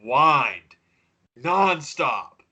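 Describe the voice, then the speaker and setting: A man co-hosting a casual wrestling podcast, animated and profane, laughing often and mimicking other people's voices. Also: fairly high pitch, very slow, breathy edge, dull audio. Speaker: podcast co-host. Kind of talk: casual chat.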